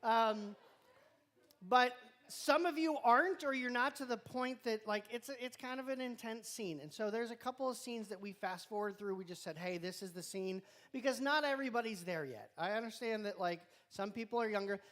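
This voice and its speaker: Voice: mid-range voice, moderate pace, fairly bright tone. A youth group leader giving rambling, joking announcements to students in a church youth room, sometimes talking while chewing. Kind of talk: casual live-stream announcements to a youth group.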